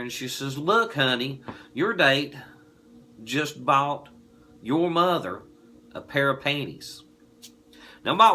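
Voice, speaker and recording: A man in his forties with a Southern US accent, telling a folksy, animated anecdote. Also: medium pitch, a little hiss or hum. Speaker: distillery promoter. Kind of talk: casual anecdote.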